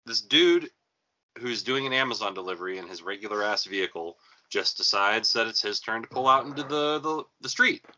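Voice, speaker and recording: A man telling a story on a podcast, with a very bright, forceful voice. He acts out each quote with swings in his delivery. The sound is dull and lo-fi. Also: fairly low pitch, lively intonation, brisk, slight background noise. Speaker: podcast co-host. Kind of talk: casual storytelling chat.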